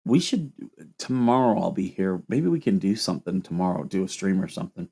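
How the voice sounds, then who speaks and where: A man's voice: low-pitched, lively intonation, fairly quick, gravelly, dark tone, husky. A man from Ohio with a Midwestern accent, hosting a casual livestream and chatting with viewers. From Toledo, Ohio. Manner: rambling, chatty, reacts to chat comments. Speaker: livestream host.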